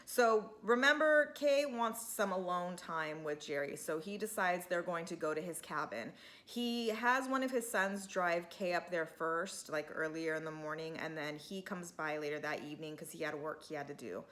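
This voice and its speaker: A woman's voice: on the low side, normal speed, hardly any pauses, a bit bright. A woman hosting a casual reality-TV recap, chatty and full of fillers, acting out what the people on the show said. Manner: chatty, acts out quotes. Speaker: TV recap host.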